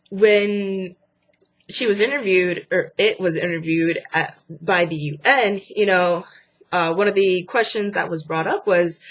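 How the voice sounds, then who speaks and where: A young woman hosting a casual vlog, chatty and indignant with lots of fillers, sounding stuffy from a cold. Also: fairly low pitch. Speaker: channel host.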